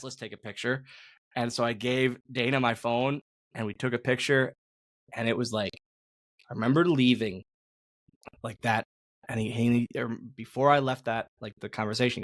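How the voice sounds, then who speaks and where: A man's voice: medium pitch, a bit bright, no room sound, clean studio sound. A man, a former wrestler hosting a podcast, telling a story in rambling casual chat, repeating words and swearing casually.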